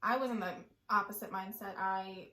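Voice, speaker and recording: A young woman in casual chat, telling stories in an animated way. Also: mid-range voice, moderate pace, echoey room. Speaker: co-host.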